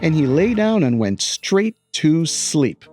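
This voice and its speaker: A man teacher reads a picture book aloud, slowly and with wide swings of pitch. He adds playful asides of his own. Faint music runs behind his voice. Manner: expressive storytelling, playful asides.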